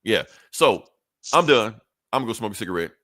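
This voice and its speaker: A male podcast co-host who rambles and swears freely, his pitch swinging lively up and down. He sounds dry and close to the mic, with no room sound. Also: a little fast, no echo. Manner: loose, profane and rambling, with lots of fillers. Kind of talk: casual chat.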